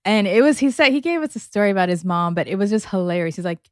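A woman's voice: mid-range voice, animated, fast, no room sound, clean studio sound. A woman co-hosting a podcast in casual chat, talkative and laughing often. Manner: chatty, laughs often, says "like" a lot. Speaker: podcast co-host.

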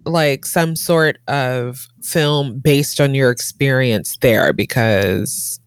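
A woman's voice: a bass voice, takes it slowly, clean tone, no echo. A woman in her thirties chatting casually over a video call, rambling with many fillers and frequent laughs. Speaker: guest in a conversation. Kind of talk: casual chat.

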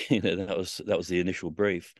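A podcast guest with a low-pitched voice tells rambling stories from his past in an interview, swearing freely and acting out quoted voices. His delivery is flat and brisk, packed with fillers and restarts. The sound is clean studio quality with no room sound.

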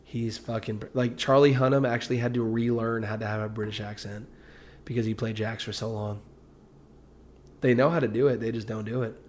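This is a young man with an American accent, talking casually and swearing freely. He repeats his punchlines for emphasis and keeps an easygoing, conversational tone at a middling pitch. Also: fairly even intonation, a little fast, darkish tone, a little hiss or hum. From United States. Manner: loose, profane, emphatic storytelling. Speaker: parent, co-host. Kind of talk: casual chat.

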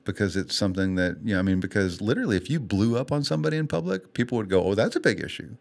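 A man's voice: on the low side, very fast, a little mellow. A man co-hosting a faith-based podcast, talking earnestly and candidly, laughing at himself and getting emotional. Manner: earnest, candid and self-deprecating, laughs often; emotional, tears up on heartfelt points. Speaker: podcast co-host. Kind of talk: casual faith-based chat.

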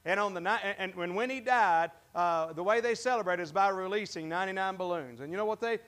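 High-voiced pastor quizzing his congregation. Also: sing-song, fairly bright tone. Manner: conversational, asks the congregation questions; halting, with many restarts. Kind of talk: interactive sermon. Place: church.

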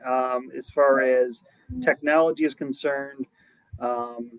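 A man's voice: medium pitch, no echo, poor audio. A company manager answering interview questions, a man who speaks plainly with many hesitations.

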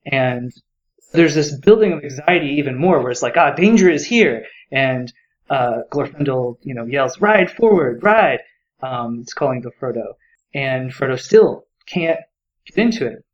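A man's voice: mid-range voice, moderate pace, dull audio. A man co-hosting a podcast, talking enthusiastically about a book and rambling with many fillers. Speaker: podcast co-host. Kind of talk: casual book discussion.

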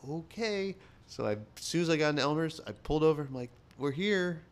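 A man's voice: a little high, animated, brisk, clear, resonant tone. A young man co-hosting a podcast, telling stories casually with lots of fillers. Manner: rambling storyteller, lots of fillers and "like". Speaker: podcast co-host.

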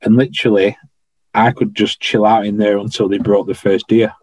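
A man tells anecdotes in a relaxed, chatty way, full of regional turns of phrase. His voice sits fairly low. The sound is dry and close, with little room around it. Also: moderate pace, dry recording, low-quality recording. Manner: chatty anecdotal, dialect grammar like "I was stood". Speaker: podcast guest, former royal guardsman. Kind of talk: casual storytelling.

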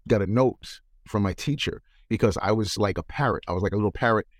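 A lower-voiced man, recounting his start in entertainment in a relaxed interview. He talks animatedly and slips into impressions of people in his stories. The recording is dry and close. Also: fast talker, no room sound. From New York. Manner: animated, mimics voices in anecdotes. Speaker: guest entertainer. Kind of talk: casual interview storytelling.

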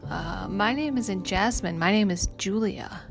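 A woman's voice: mid-range voice, measured pace, gravelly. A woman voicing a tired, confused young woman waking in a hospital, speaking weakly, in a story read over music. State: weak and tired. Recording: music playing underneath.

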